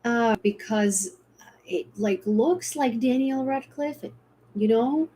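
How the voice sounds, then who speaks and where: A woman's voice: on the high side, slow, mellow, a little hiss or hum. A young woman from Ukraine chats casually on a livestream. She rambles and restarts often, with plenty of fillers. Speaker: livestream host.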